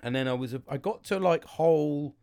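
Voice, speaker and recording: A man's voice: a little high, moderate pace, warm tone, smooth, no echo, clean studio sound. A British man hosting a podcast, rambling casually about his weekend with lots of swearing, restarts and fillers. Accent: British English. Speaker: podcast host.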